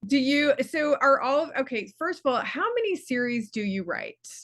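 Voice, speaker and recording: A woman's voice: high voice, sing-song, moderate pace, fairly bright tone. A woman from Texas interviewing an author over a video call, chatty and enthusiastic with many fillers and restarts. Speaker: interviewer, book club host.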